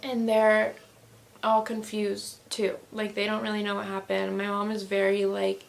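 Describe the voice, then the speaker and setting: A young woman vlogger tells an upsetting personal story in an emotional storytime video, rambling with lots of fillers and quoting her family as she retells it. Her voice is medium-pitched with vocal fry, a moderate pace and little pitch movement.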